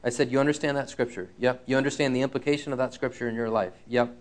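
A man preaching a sermon, telling a personal story in an earnest, frank way, slowing down to stress key lines. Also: mid-range voice, fairly even intonation.

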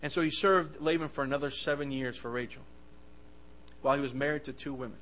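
A man's voice: medium pitch, fast, poor audio. Impassioned stammering male preacher. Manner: impassioned, swings loud and soft, stammering restarts. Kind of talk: sermon.

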